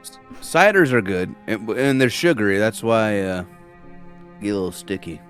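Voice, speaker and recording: A man playing in a tabletop game, explaining things in a relaxed way. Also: fairly low pitch, moderate pace, soft background music. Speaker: player. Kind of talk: casual tabletop role-play.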